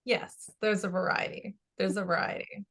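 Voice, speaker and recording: A woman psychic medium chatting casually, excitable and laughing often as she passes on what a spirit tells her. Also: mid-range voice, normal speed. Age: adult with a child. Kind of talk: casual chat.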